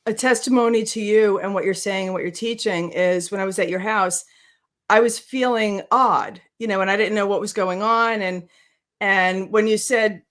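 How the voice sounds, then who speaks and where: A woman's voice: mid-range voice, fairly even intonation, normal speed, fairly bright tone. A woman hosting an interview, speaking expressively and emphatically, often laughing as she talks. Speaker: host. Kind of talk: casual interview talk.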